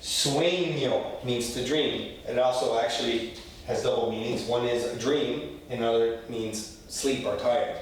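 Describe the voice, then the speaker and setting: A man's voice: medium pitch, flat delivery, moderate pace, darkish tone, a little hiss or hum. A man teaching a casual language lesson, blunt and profane, checking in with "okay?" again and again. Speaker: Spanish teacher. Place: room in Lima, Peru. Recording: very echoey room, voice from a distance.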